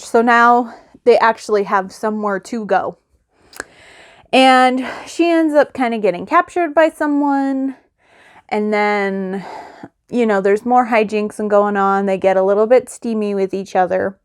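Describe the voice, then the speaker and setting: A woman's voice: on the high side, normal speed, clear, resonant tone, dry recording, studio quality. A woman chatting casually in a reading vlog, rambling and gushing as she retells a book's plot. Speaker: book vlogger.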